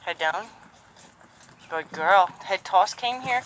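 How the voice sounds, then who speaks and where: A horse trainer talks through a training session outdoors, calmly coaching and softly praising the horse again and again. The voice is bright and forward, with faint hoofbeats and open-air ambience underneath. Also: mid-range voice, slow, a little hiss or hum, rough recording. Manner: calm coaching, repeated soft praise to a horse. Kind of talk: live training commentary.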